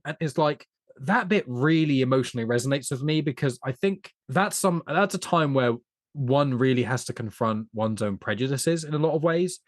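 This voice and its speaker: Male podcast co-host, mid-pitched, earnest and analytical, dry close mic. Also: normal speed, dry recording. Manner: earnest, analytical, rambles on at length. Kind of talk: casual film discussion.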